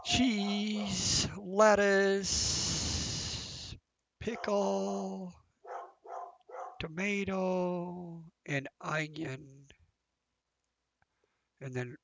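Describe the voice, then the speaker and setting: A man's voice: sits high, fairly even intonation, drawn-out words, creaky, long pauses, noisy background. A man giving casual, flustered commentary while playing a game, thinking aloud as he goes. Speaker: gameplay commentator. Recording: dull, lo-fi, dry sound.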